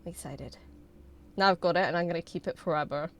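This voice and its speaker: Excitable young woman streamer. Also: lowish voice, fast talker. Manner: excitable, bubbly, swears freely. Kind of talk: casual livestream chat with viewers.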